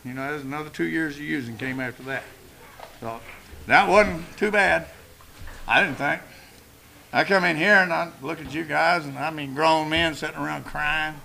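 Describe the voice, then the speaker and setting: A man's voice: fairly high pitch, moderate pace, creaky, sharp tone, a little hiss or hum, rough recording. An older man speaking at a recovery meeting, telling his story in a blunt, profane, storytelling way. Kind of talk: personal recovery talk. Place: meeting room.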